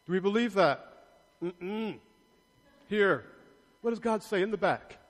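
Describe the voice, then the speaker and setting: A male priest preaches with a high, light voice at an unhurried pace. He teases and quizzes his congregation in a playful way. His voice rings out with the long reverb of a large church. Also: expressive. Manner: playful, asks the congregation questions. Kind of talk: sermon.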